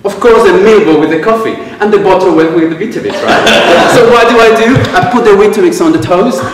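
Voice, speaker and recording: A man from Venezuela with a Venezuelan Spanish accent, giving a humorous speech at a club and pausing for laughs as he tells stories. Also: sits high, crowd noise. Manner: storytelling with quoted exchanges, pausing for audience laughs. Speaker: club speaker. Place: club meeting room. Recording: echoey room, miked from a distance.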